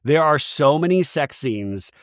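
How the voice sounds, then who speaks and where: A fairly high-voiced man in a casual podcast chat, rambling along in an animated way with frequent laughs. The sound is close and dry, with no room around it. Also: unhurried, clear, resonant tone, dry recording. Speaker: podcast guest.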